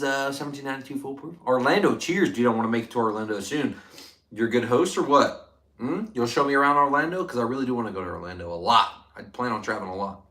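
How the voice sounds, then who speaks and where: A man hosting a casual whiskey livestream, chatting loosely and getting excited as he reads out and thanks viewer comments. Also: medium pitch. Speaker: livestream host reviewing whiskey. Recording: echoey room.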